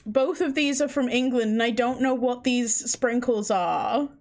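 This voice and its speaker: A woman streaming live who talks in an unhurried, drawn-out way, her voice sitting a little high. She chats casually with viewers, sounding incredulous and swearing freely. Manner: chatty, incredulous, frequent swearing. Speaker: livestreamer.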